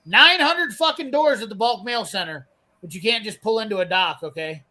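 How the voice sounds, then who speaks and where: A brash man with a high, bright voice, swearing freely as he spins a story. He acts out the other people's lines while he tells it, in loose, casual chat. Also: moderate pace. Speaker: storyteller on a live garage show.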